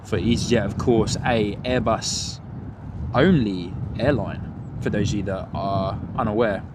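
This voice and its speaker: A man's voice: on the low side, fairly even intonation, measured pace. Man, live plane-spotting commentary, chatty, windy outdoor ambience. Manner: chatty, answers viewer chat, laughs often. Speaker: live stream host. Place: outdoors by an airport on a cold windy morning. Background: wind and outdoor ambience.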